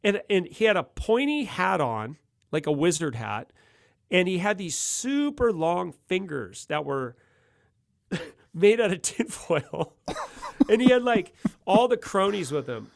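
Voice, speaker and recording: A man's voice: sits high, a little slow, vocal fry, no echo, studio quality. A middle-aged man telling a wild story in casual, slangy chat, laughing often. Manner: laughs often, animated, slangy ("dude", "gnarly").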